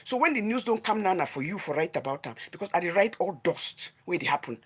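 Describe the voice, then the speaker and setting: Husky Nigerian woman ranting. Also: lowish voice, lively intonation, fast. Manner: confrontational, scolding, emphatic repetition. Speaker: vlogger running a gossip news channel. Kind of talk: heated scolding rant to camera.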